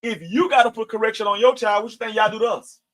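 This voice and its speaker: A man's voice: high-pitched, steady tone, fast, a bit bright, low-quality recording. A middle-aged man teaching a casual Bible study, mixing scripture readings with everyday talk. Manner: preachy, conversational, with scripture readings.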